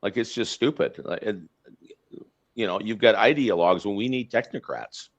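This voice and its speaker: Deep-voiced ranting Canadian man. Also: normal speed. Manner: blunt, ranting, many fillers and restarts. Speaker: podcast host. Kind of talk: casual political chat. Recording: slightly dull lo-fi sound.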